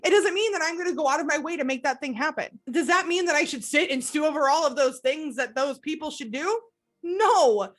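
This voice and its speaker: A woman hosting a podcast, speaking as a recovery coach in a gentle, reflective monologue and asking questions for the listener to consider. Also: sits high, expressive, brisk.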